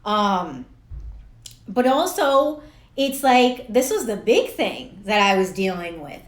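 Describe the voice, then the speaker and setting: A woman's voice: mid-range voice, big pitch swings, takes it slowly. Chatty woman, roomy echo. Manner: blunt and chatty, swears freely, laughs at herself. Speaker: life coach. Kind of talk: casual talk to camera.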